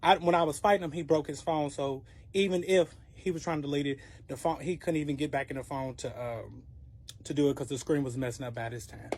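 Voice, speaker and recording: A creator telling a wild personal story in a casual storytime monologue, animated and profane, acting out every quote. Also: mid-range voice, fairly quick.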